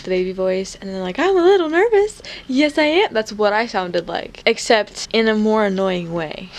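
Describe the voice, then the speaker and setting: A woman chatting casually to camera for a vlog, self-mocking and often half-whispering, a little stuffy from allergies. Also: medium pitch. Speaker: vlogger. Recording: noisy home recording.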